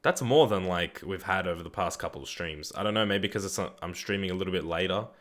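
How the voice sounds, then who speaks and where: A man's voice: low voice, fast talker, a bit bright. A young Australian man streaming a game live, chatting in a laid-back, rambling way, answering viewers and swearing casually. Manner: reads viewer chat aloud and answers it. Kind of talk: live gaming stream chat.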